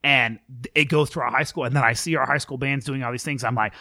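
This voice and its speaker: A middle-aged man, a school band director, talking casually in an interview, animated and full of fillers. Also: medium pitch, quick pace, no echo, clean studio sound. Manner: chatty and animated, many fillers.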